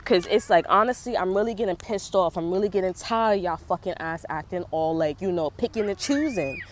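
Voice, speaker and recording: A woman's voice: fairly low pitch, fairly quick, slight background noise. Young woman ranting with heavy slang. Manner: profane, fired-up ranting with street slang. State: pregnant. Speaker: vlogger. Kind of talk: casual venting monologue.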